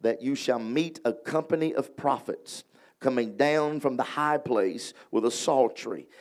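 A man with a Louisiana accent, an evangelist preaching a revival sermon to a congregation and drawing call-and-response from them. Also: mid-range voice. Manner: reads scripture slowly, prays with rising intensity. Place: revival hall before a congregation.

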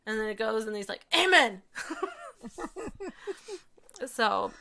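A woman's voice: mid-range voice, monotone, a little fast, vocal fry, a bit bright, smooth. A woman in her thirties chatting casually as a podcast co-host, enthusiastic and full of fillers. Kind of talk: casual chat.

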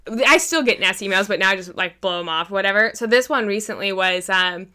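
A woman's voice: medium pitch, fairly quick, sharp tone. A woman chatting casually as a podcast co-host, swearing freely and acting out quotes as she tells stories. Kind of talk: casual chat.

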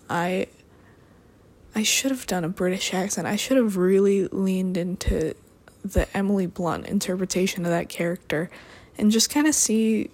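A young adult woman talking alone in a rambling, deadpan way, drifting between topics with dry asides. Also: mid-range voice. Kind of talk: rambling solo monologue.

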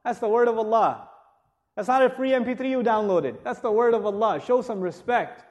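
A man teaching a religious lecture to a live audience, chatty and joking, asking rhetorical questions and turning forceful when urging respect. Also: very high voice, fairly quick, highs cut off. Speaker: Islamic teacher.

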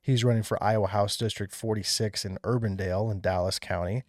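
Chatty, laughing podcast host. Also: male voice, lowish voice, fairly even intonation, brisk, darkish tone, no room sound, clean studio sound. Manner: chatty, laughing, loosely reading out a list. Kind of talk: casual political chat.

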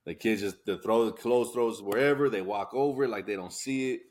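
Easygoing low-voiced man chatting. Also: fairly quick, a little mellow. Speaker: podcast cohost. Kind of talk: casual chat.

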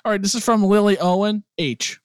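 A man's voice: high voice, fairly quick, clean tone, no room sound, clean studio sound. A young man co-hosting a podcast in casual banter, reading emails aloud with laughing asides. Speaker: podcast co-host.

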